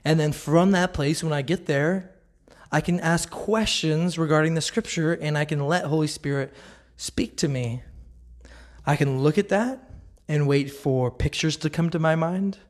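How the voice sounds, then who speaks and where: A man's voice: fairly high pitch, unhurried. A man giving a casual devotional talk, earnest and conversational, often laughing. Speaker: Christian speaker.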